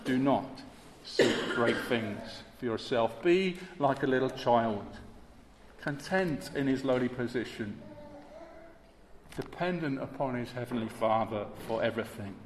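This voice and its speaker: Male preacher, mid-pitched, hushed-to-forceful delivery, recorded in a large church hall with lingering reverb. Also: unhurried. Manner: emphatic, rhetorical, swings between hushed and forceful. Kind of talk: sermon. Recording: echoey hall, long reverb, faint background hiss.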